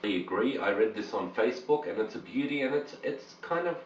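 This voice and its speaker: A man co-hosting a casual chat over beers, animated and swearing freely. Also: mid-range voice, brisk, slight background noise. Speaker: podcast co-host. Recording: roomy, distant, dull home recording.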